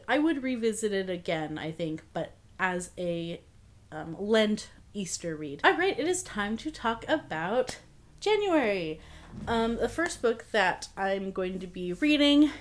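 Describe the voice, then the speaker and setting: A young adult woman chatting casually about books at home, with many fillers and small laughs. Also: mid-range voice. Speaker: book vlogger. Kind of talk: casual book review chat.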